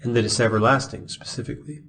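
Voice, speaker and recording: A man's voice: mid-range voice, fast, fairly bright tone, slight background noise. A man teaching the Bible verse by verse, reading passages aloud and then explaining them with questions to the listener.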